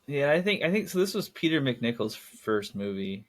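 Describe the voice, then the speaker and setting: A man's voice: mid-range voice, very animated, moderate pace. A young man co-hosting a casual film podcast, rambling and correcting himself, laughing at his own jokes. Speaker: podcast co-host.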